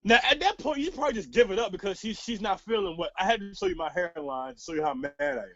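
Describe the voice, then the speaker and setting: A young man rants through a story to the camera in a casual, profane and exasperated way. His voice sits high and swings widely, with a gravelly edge and a bright tone. The recording is dry and a little dull. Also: big pitch swings, fast, no room sound. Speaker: vlogger. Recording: slightly dull, dry lo-fi sound.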